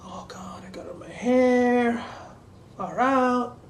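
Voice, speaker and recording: A woman's voice: on the high side, takes it slowly, echoey room, a little hiss or hum. A woman chatting casually to camera while doing her makeup, rambling and talking to herself in asides. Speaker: vlogger. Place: small room at home.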